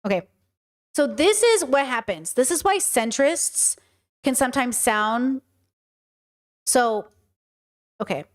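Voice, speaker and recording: Woman, high voice, livestream host, casual commentary, animated. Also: slow, pauses often. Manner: animated, acts out mock voices to make points. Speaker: streamer and podcast host.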